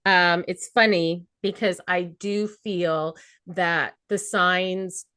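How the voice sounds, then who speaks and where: A woman co-hosting a podcast in a casual spiritual chat, animated and laughing as she acts out her own inner voices. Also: on the low side, takes it slowly, smooth, dry recording, clean studio sound. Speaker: podcast co-host.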